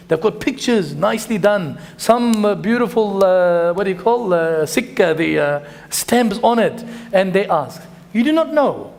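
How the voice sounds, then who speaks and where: A man's voice: sits high, a little mellow. A man teaching a religious lesson, telling stories and closing with a supplication in Arabic phrases. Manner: storytelling with Arabic phrases and dua. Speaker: imam.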